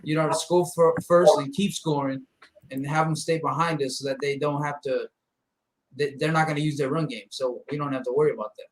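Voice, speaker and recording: Fast-talking, animated sports co-host. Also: male voice, on the high side, slight background noise, low-quality recording. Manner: animated, repeats himself, "you know what I mean". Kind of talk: casual sports chat.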